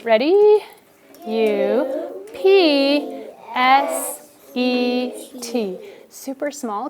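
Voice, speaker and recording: A woman teaching a first grade spelling lesson, giving brisk, encouraging instructions to her class. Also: fairly high pitch, background noise.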